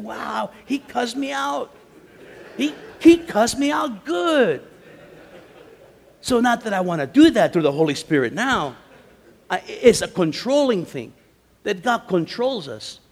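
In a large conference hall with long reverb, a gravelly-voiced man with a high voice preaches a sermon. He tells stories in an animated way and acts out the quotes.

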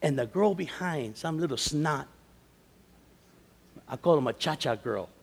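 A man giving a storytelling sermon at a men's conference, moving from easy chat to loud, emphatic preaching. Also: on the high side, expressive, unhurried, gravelly, slight background noise. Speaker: conference speaker. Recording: long reverb of a large hall.

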